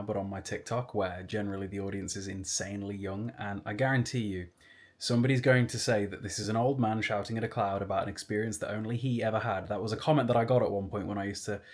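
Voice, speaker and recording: Rambling young man vlogging. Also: on the low side. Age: 20s. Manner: rambling, anecdotal storytelling with asides. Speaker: YouTuber. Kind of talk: casual vlog chat.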